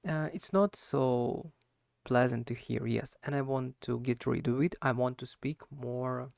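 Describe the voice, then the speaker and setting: A man's voice: mid-range voice, steady tone, unhurried, creaky, no echo, clean studio sound. A man who is not a native English speaker, talking through a solo speaking practice with a slight harsh wheeze and lots of fillers and self-corrections. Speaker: language learner.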